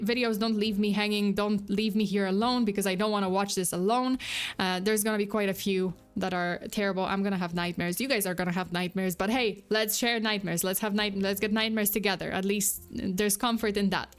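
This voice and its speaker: A woman's voice: medium pitch, clean tone. Chatty woman streamer, faint music behind. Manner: chatty and rambling, full of "like" and restarts. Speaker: VTuber true crime streamer. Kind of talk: casual livestream chat.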